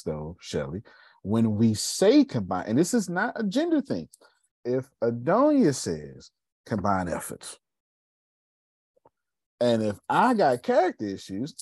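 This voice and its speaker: A man hosting a casual podcast conversation, animated and preachy, dropping low and quiet for emphasis. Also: slightly rough, no echo. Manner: animated, preachy, drops pitch and volume for emphasis. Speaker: podcast host.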